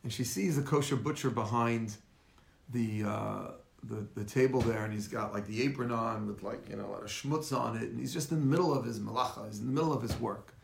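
A man's voice: medium pitch, fairly quick, vocal fry, roomy sound. A man, a rabbi, giving a livestreamed lecture in a storytelling way, asking rhetorical questions. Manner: storytelling, rhetorical questions, welcomes viewers by name. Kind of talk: Facebook Live lecture.

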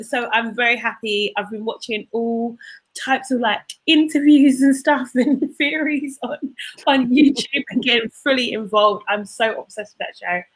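Upbeat woman co-host, fairly high and bright, chatty with fillers. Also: rough recording. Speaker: podcast co-host. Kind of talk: casual chat.

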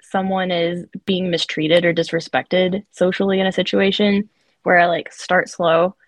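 A woman's voice: fairly low pitch, level tone, a little slow, no echo. A woman podcast co-host telling a story in a casual, chatty way, often saying "like".

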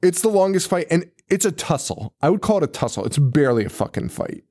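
A man's voice: fairly high pitch, quick pace. A man co-hosting a podcast, chatting casually about a horror movie, swearing a lot and laughing often. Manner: profane, animated, laughs often. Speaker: podcast co-host. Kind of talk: casual movie review chat.

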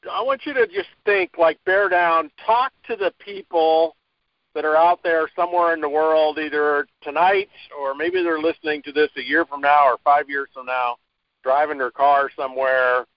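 A man's voice: on the high side, fairly even intonation, normal speed, dry recording. A man hosting an interview, asking long, encouraging questions that draw the guest out. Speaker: interview host. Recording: dry, dull lo-fi audio.

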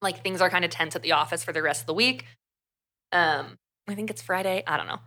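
A young woman on a casual book-review podcast, retelling a plot with animated, chatty energy. Her voice is bright and forceful, sitting a little low for a woman. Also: brisk. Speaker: podcast co-host.

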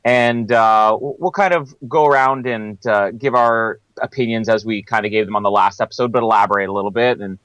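A man's voice: fairly low pitch, brisk, hardly any pauses, fairly bright tone, no room sound, low-quality recording. A man co-hosting a film review podcast in a casual chat, laughing between phrases and using lots of fillers. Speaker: podcast co-host.

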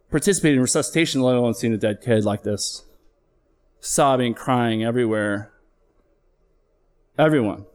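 With a clear, resonant mid-range voice, a middle-aged flight paramedic delivers a true personal story on stage. He speaks openly and emotionally, swearing at times and easing his pace to underline key moments.

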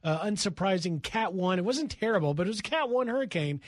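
A man with a high, light voice tells a story with brisk, animated energy, slipping into the voices of the people he quotes. The sound is close and dry, with no room around it. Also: no echo. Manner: lively anecdote-telling, brisk, acts out quoted voices. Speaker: news correspondent, guest. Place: radio studio.

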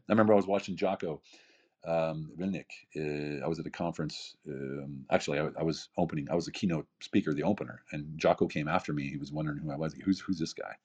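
A man in his fifties, a keynote speaker and author appearing as a podcast guest, gives an emphatic motivational talk. His voice is extremely low and darkish with a breathy edge, and he fills the talk with rhetorical questions and repeated phrases.

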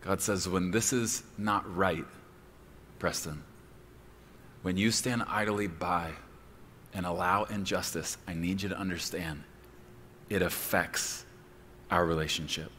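A man's voice: low voice, fairly even intonation, takes it slowly, pauses often, slight background noise. Emphatic male pastor preaching in a hall. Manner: emphatic preaching, shouting key words. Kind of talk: sermon.

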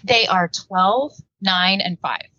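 Bright-voiced woman with a Southern Indiana twang. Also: medium pitch, slow pace, dry recording, lo-fi sound. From Midwestern United States. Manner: upbeat, laughs often, chatty. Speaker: guest author. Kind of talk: casual podcast interview.

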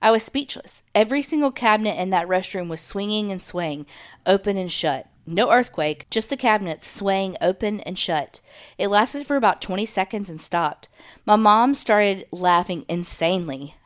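A woman hosting a podcast, reading a listener's true story aloud in a steady storytelling manner with dramatic pauses. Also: mid-range voice. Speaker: podcast host.

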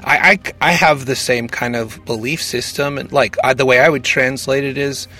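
A man co-hosting a podcast in casual chat, joking and animated, poking fun at himself as he sets up a call. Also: mid-range voice, moderate pace, faint music behind. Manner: joking, animated, self-mocking. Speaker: podcast co-host introducing calls.

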